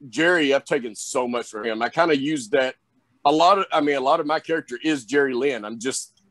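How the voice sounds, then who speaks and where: A man's voice: medium pitch, fairly quick, fairly bright tone, no echo. Confident young man, dry sound. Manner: confident, boastful. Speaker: guest wrestler. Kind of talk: casual interview talk.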